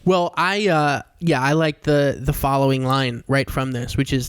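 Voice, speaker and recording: A man's voice: mid-range voice, steady tone, normal speed, few pauses, clear, resonant tone, no echo. A young man co-hosting a podcast from his home, joking in a dry, playful way. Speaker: podcast co-host. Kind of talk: casual chat. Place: home in Queens.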